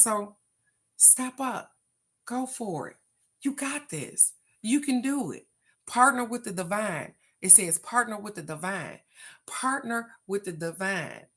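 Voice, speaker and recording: A woman with a fairly low pitch and a fairly bright tone hosts a casual livestreamed oracle card reading. She speaks directly to her viewers, encouraging and motivating them.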